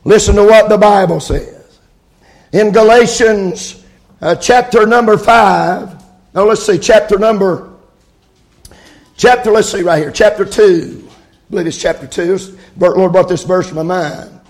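A man preaching a fervent sermon, often shouting and drawing out his words. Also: high-pitched, a little slow, pauses often.

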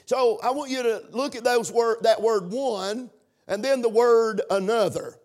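A man's voice: very high-pitched, a little slow, a little mellow. A man preaching a sermon in a chanting, sing-song cadence, breaking in with amens.

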